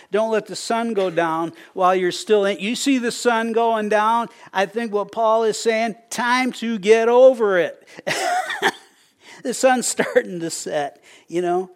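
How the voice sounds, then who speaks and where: A middle-aged man delivers a sermon in a folksy, storytelling way, often stumbling over his words and restarting. His voice sits a little higher than most men's. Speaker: pastor.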